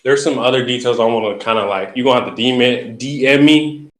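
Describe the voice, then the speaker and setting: A man hosting and interpreting a dream in a measured, halting, explanatory way. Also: mid-range voice, fairly bright tone, echoey room. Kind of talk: spiritual interpretation chat.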